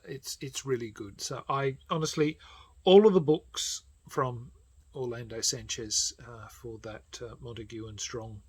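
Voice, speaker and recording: A man casually recommending audiobooks as a channel host, rambling with many fillers and often trailing off to a quiet, half-whispered voice. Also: medium pitch, breathy edge.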